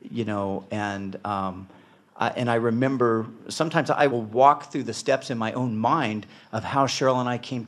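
A man of middle pitch speaks earnestly and reflectively about faith and marriage. He leans on "you know" and restarts his thoughts often. He sounds sincere and unhurried. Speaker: Christian husband sharing testimony.

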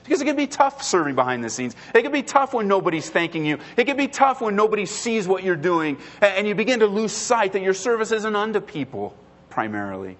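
A man's voice: high-pitched, a bit bright. A male pastor preaching a sermon in an emphatic, repetitive way, often restarting his phrases.

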